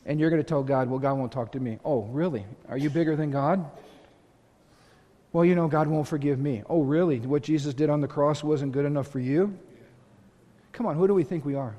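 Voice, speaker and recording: Fervent pastor preaching in a hall. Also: male voice, a little high, fairly quick, lo-fi sound. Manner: impassioned, rising to loud exhortation. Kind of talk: sermon. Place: church sanctuary. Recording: long hall reverb.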